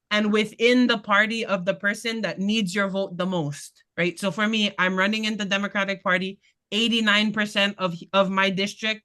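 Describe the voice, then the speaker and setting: With a medium-pitched, somewhat bright voice, she makes her case as a candidate at a neighborhood community meeting, passionate and blunt and prone to laughing asides.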